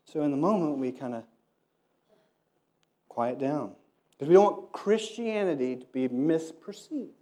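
A male preacher delivering a sermon in a relaxed, conversational way, breaking into little stories and playing the people in them. His voice is mellow and a little higher than most men's. He comes across as someone talking with the room rather than lecturing it. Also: unhurried, long pauses. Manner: conversational, animated, acts out quoted voices. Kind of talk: sermon with storytelling.

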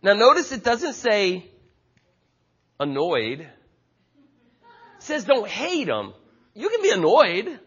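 A man's voice: sits high, wildly swooping pitch, takes it slowly, pauses often, fairly bright tone, husky, dull audio. A man preaching a sermon with passionate, emphatic delivery and frequent repetition. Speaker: pastor.

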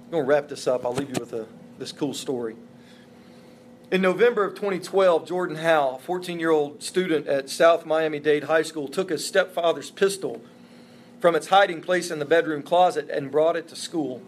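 A man's voice: a little high, moderate pace, a little hiss or hum. A man preaching a sermon as a pastor, earnest and emphatic, with repeated phrases for stress. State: emotional, voice breaking.

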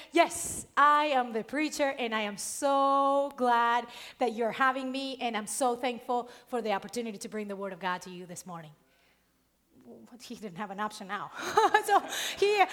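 A woman preacher with an accent, giving a sermon and telling a personal story in a lively way with frequent laughs. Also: high-pitched. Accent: non-native accent. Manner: lively storytelling, laughs often, stresses key words.

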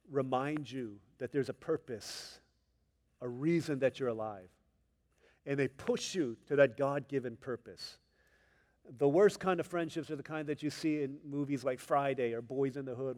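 A male pastor preaching a sermon to his church, dropping to a near hush and then building to loud, emphatic passages. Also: medium pitch, in a large hall. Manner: preaching with wide swings from hushed to loud and emphatic.

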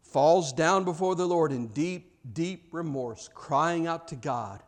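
A man delivers a fervent sermon in a high-pitched voice. He drives his points home through repetition, stumbling over words as he builds toward loud, passionate cries. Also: takes it slowly, few pauses. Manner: impassioned, rising to loud cries, repetitive emphatic phrasing. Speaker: preacher.

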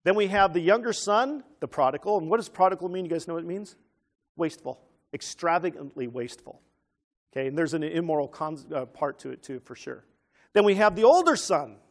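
A man preaching an animated teaching sermon who keeps asking his listeners questions. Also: on the high side, brisk.

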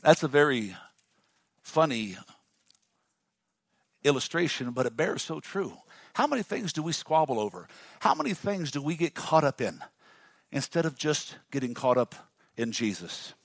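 A male pastor with a fairly high voice delivers a dynamic sermon. He calls on the congregation to say words back to him. The sound is dry and close. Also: sing-song, normal speed, long pauses, no echo. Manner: dynamic, call-and-response with the congregation.

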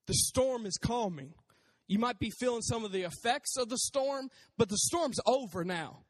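Male preacher, high-pitched and conversational; casual sermon in a reverberant hall. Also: normal speed. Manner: conversational, animated, acts out voices.

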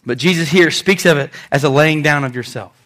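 A man preaching a sermon as pastor, animated, swinging between loud and soft, acting out quotes. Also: on the high side, a little fast.

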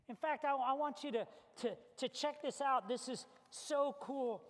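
Very high-voiced male pastor in a reverberant hall. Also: unhurried, few pauses. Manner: animated, conversational, with casual fillers. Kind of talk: storytelling sermon.

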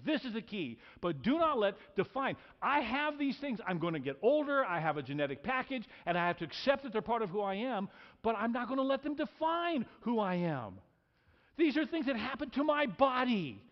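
A man's voice: sits high, sing-song, moderate pace, long reverb tail, highs cut off. Sixty-something male pastor, emphatic sermon. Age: 60s. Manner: emphatic, leads congregation in call-and-response. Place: church sanctuary.

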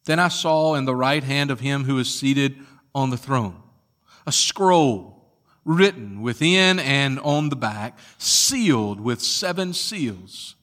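Slow, emphatic male preacher. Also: animated. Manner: rises to loud emphatic peaks, then drops low. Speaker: pastor. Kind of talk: sermon with scripture reading.

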